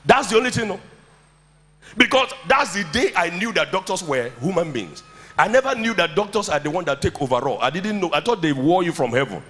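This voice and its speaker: A man's voice: high voice, lively intonation, brisk, fairly bright tone, a little hiss or hum. A man preaching a sermon in a church, telling stories and leading the congregation in call-and-response. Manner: storytelling, then rousing the congregation with call-and-response. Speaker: pastor.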